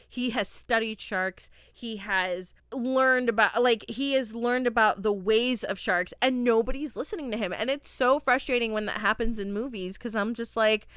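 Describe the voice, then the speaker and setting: A woman's voice: fairly high pitch, pushed and bright, clean tone, no room sound, clean studio sound. A young woman from Florida hosting a solo podcast movie review, chatty and often laughing as she acts out quotes. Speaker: podcast host.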